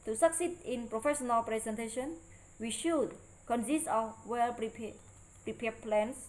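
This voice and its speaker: A woman's voice: a little high, a little mellow, poor audio. Woman reading a presentation aloud carefully. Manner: careful, halting read-aloud delivery with non-native grammar. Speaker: student presenter. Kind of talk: read presentation lecture.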